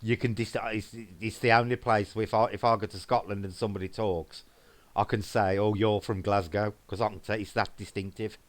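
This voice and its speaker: A man with a broad Black Country accent and a lowish voice chats casually on a livestream. He rambles, restarts his sentences and reads out viewer comments as he goes. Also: level tone, a little fast. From English Midlands. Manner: chatty and rambling, frequent restarts. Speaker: co-host of a paranormal livestream. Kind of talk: casual chat, reading viewer comments aloud.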